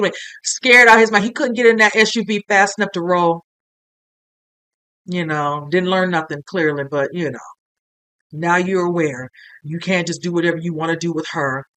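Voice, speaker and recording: A man's voice: high-pitched, brisk, sharp tone, smooth. A man talking earnestly through a casual reaction commentary on a TV episode, emotional and full of filler phrases. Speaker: reaction video host.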